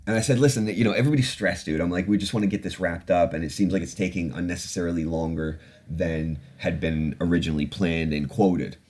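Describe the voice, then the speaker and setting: A man's voice: low voice, steady tone, a little fast, few pauses, darkish tone. A man hosting a podcast, telling a personal story in a candid, profane, reflective way. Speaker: podcast host. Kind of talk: casual storytelling.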